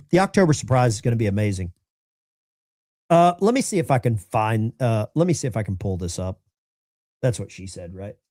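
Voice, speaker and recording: A middle-aged man hosting a call-in show, chatting in an animated, rambling way. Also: medium pitch, moderate pace, pauses often, dry recording, clean studio sound. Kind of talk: casual livestream talk.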